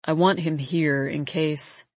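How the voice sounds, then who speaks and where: A woman reading an audiobook and voicing a frail, tired, dying older father with a croaky voice. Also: low voice, little pitch movement, moderate pace, no room sound, voice pushed down. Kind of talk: audiobook character voice.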